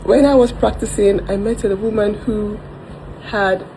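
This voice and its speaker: A woman's voice: medium pitch, fairly even intonation, unhurried, dark tone. Earnest woman vlogger, noisy background. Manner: earnest, frequent "like" and "oh my God". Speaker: vlogger sharing stories. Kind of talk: emotional personal vlog.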